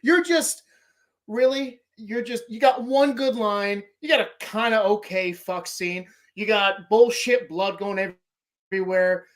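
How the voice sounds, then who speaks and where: A man hosting a podcast who rants about movies in an excitable, profanity-heavy way. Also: sits high. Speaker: podcast host. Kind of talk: casual movie-ranking rant.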